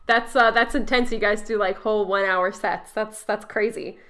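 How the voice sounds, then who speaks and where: A woman with a bright, sharp-edged voice hosts a casual podcast. She asks curious questions and sums up her guest's points in her own words. Her pitch sits in the middle range. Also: steady tone, moderate pace. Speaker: podcast host.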